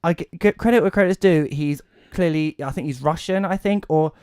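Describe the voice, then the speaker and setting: A man co-hosting a casual podcast chat, ranting in an animated way and swearing a lot. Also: a little high, a little fast, clear, resonant tone, no echo, clean studio sound. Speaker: podcast co-host. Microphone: podcast mic.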